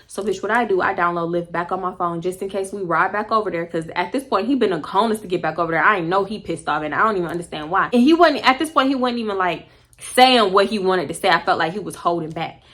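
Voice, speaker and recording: Fast-talking Houston woman telling a story. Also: on the low side. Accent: Houston, Texas. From Houston, Texas. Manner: animated, blunt, swears freely, acts out quotes. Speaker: storytime vlogger. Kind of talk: casual storytelling to camera.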